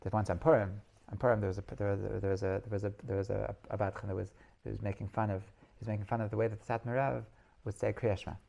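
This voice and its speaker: A man's voice: fairly low pitch, little pitch movement, very fast, creaky, hardly any pauses, dark tone. A male rabbi telling stories in a class, rambling, restarting phrases and laughing at his own tales. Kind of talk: storytelling Torah class.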